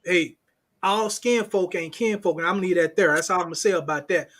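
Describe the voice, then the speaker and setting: High, bright-voiced man chatting animatedly. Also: a little fast. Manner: animated, slangy, acts out quoted voices. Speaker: crypto strategist guest. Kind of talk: casual interview chat.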